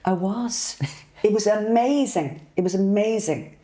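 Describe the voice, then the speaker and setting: A woman's voice: medium pitch, unhurried, warm tone. A woman co-hosting a podcast, chatting casually, telling stories and laughing often. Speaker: podcast co-host. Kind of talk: casual chat.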